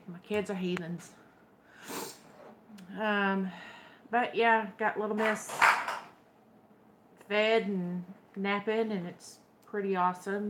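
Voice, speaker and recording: A woman's voice: medium pitch, noisy background. A young woman with a Texan accent, chatting casually to her viewers and telling wry stories. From Texas. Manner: chatty, storytelling, wry and drawling. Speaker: vlogger. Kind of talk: casual chat to camera.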